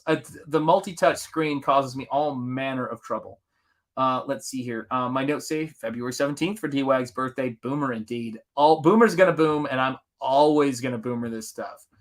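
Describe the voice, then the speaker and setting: A man's voice: medium pitch, a bit bright. A middle-aged man hosting a live art stream, chatting casually and enthusiastically with his viewers while he paints. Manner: enthusiastic, rambling, talks to the chat.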